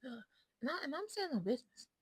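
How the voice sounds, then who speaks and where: A woman's voice: high voice, sing-song, fast talker, no room sound, low-quality recording. A woman vlogging in a casual, rambling chat to her viewers. She talks bluntly and often drops to a whisper.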